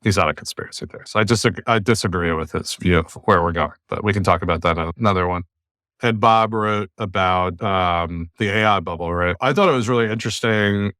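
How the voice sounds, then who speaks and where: Man, podcast host, from the US, low voice, opinionated and blunt, dry close sound. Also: fairly quick, dry recording. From United States. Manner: blunt, opinionated, animated rants. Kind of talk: casual podcast discussion.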